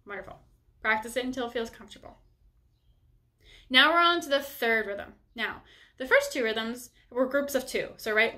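Young female teacher, bright slightly high voice, cheerful step-by-step instruction. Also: normal speed, pauses often. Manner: upbeat, encouraging, explains step by step. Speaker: bassoon teacher. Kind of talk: instructional music lesson.

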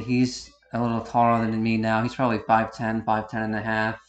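In an echoey room, a medium-pitched, slightly bright-voiced man gives a rambling DVD-style commentary on a video. He's in his thirties, from upstate New York, and speaks in an unhurried way, frequently correcting himself.

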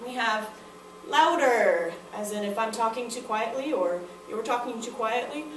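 Young woman teacher, higher voice, playful and demonstrative, recorded a bit off-mic in an echoey room. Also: fairly even intonation, moderate pace, far from the mic, a little hiss or hum. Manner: playful, demonstrative, acts out student reactions. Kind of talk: classroom technique review to camera.

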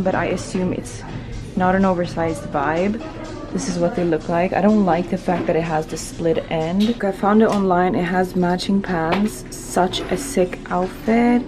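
A young woman from Sweden vlogging in a chatty, excitable way, full of fillers, into a handheld camera. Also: lowish voice. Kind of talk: casual vlog chat.

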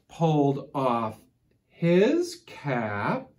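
Slow, expressive woman storyteller. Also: low-pitched. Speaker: children's storyteller. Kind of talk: reading a picture book aloud to children.

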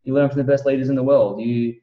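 A man giving an emphatic, preachy motivational sales pitch as a guest on a video call. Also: fairly even intonation, quick pace, roomy sound, distant mic, phone-quality sound.

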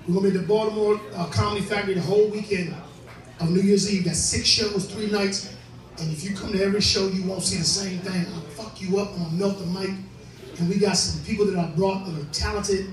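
Brash high-voiced comedian in an echoey club. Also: male voice, fairly even intonation, fast. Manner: brash, profane, laughing often. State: drunk. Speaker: comedian hosting a show. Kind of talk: stand-up crowd work. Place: live club with audience. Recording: echoey room, distant mic, crowd noise.

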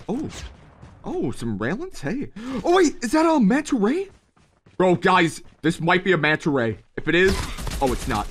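Hyped gamer guy streaming a shooter, kinda high voice, yelps a lot, guns going off behind. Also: background noise. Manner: excitable, jokey, lots of sudden yelps. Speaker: gaming streamer. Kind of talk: live gameplay commentary. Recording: game gunfire loud behind voice. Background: gunshots and game sound effects.

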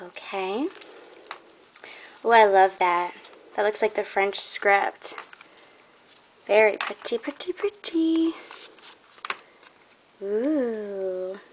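A woman's voice: mid-range voice, steady tone, takes it slowly, long pauses, slight background noise. A young woman showing off a craft trade in a casual vlog, gushing and admiring, a bit out of breath.

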